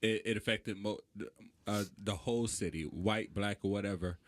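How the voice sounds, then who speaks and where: A man's voice: fairly low pitch, normal speed. A young man from Charleston, South Carolina, a podcast guest in casual chat, thoughtful with hesitant restarts. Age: young adult.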